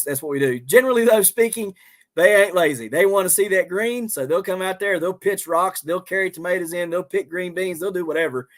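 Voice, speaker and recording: A man with a Southern accent hosting a homestead livestream, chatting casually in a rambling, folksy way with plenty of ums and uhs. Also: on the high side. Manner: rambling, folksy, many fillers.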